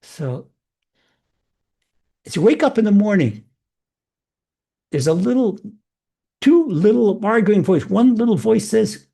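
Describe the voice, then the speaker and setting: Gravelly high-voiced rabbi preaching. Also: male voice, big pitch swings, slow, pauses often, mellow. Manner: earnest, repeats phrases for emphasis. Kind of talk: spiritual sermon.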